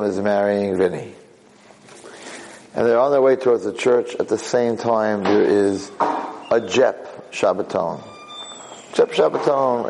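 A man giving a lecture as a lively story, repeating himself and jumping sharply higher in pitch for emphasis. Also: low-quality recording. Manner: animated, leaps high in pitch for emphasis. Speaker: Jewish lecturer.

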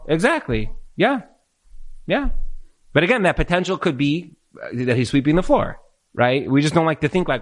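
A man's voice: on the high side, sing-song, normal speed. A man teaching a marriage class and taking questions from listeners, earnest and repetitive, often acting out what spouses say. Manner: earnest, repeats words, acts out quoted spouses. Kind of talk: lecture with audience Q&A.

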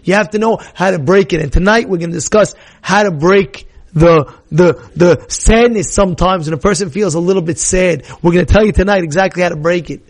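A middle-aged man giving an animated Torah sermon, dropping to hushed storytelling and then rising to shouts, with Hebrew terms mixed in. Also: high-pitched, brisk, few pauses. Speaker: rabbi giving a weekly Torah talk.

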